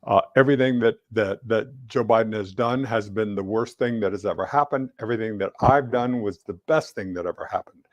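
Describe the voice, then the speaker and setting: A man's voice: fairly low pitch, fairly quick, no room sound, highs cut off, lightly acted. A man putting on an impression of a brash politician making sweeping boasts. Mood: boastful. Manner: blustering, sweeping claims.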